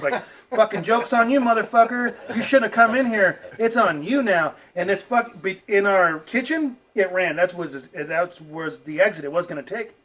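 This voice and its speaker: Man, high voice, swearing storyteller, laughing often, mic at a distance, outdoor porch. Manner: profane, animated, laughs while telling. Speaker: podcast host. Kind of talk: casual storytelling.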